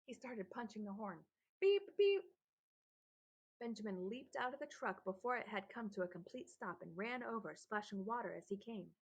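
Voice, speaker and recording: A woman narrates a children's adventure novel in a steady, lightly animated way. Her voice has a gravelly, husky grain and sits at a middle pitch. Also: fairly quick, few pauses, rough recording. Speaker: audiobook narrator.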